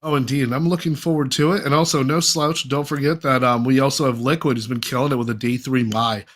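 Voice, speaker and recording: A man's voice: mid-range voice, fairly even intonation, fast. A man commentating a fighting game tournament as a regular host, hyped and chatty. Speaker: esports commentator.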